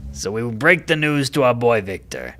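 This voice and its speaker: A man's voice: medium pitch, wildly swooping pitch, moderate pace, pushed and bright. A man voicing a jovial, rambling animal father in a game who laughs at his own stories. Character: chatty male animal father, jovial storyteller.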